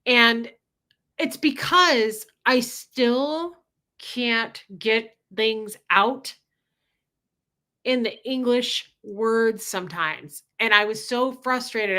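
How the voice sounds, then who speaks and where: A woman's voice: on the high side, pushed and bright. A woman hosting a casual livestream chat, talking in an emotional, rambling way and swearing freely. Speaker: livestream host.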